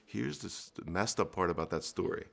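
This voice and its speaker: A man's voice: low voice, animated, a little fast, vocal fry, fairly bright tone. A middle-aged man from New Jersey telling his life story in an earnest interview, with fillers and restarts. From New Jersey, USA. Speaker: entrepreneur guest.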